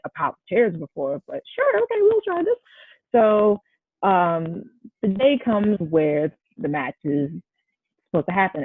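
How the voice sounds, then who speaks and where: A young woman, a wrestler guest in an interview, telling a story in an animated way and acting out what people said. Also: deep voice, no room sound. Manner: animated, acts out quoted dialogue. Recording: tinny phone-like line.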